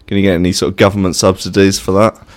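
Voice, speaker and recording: A man's voice: sits low, little pitch movement, quick pace. A man co-hosting a radio show, teasing his partner with dry quips. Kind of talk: casual radio banter.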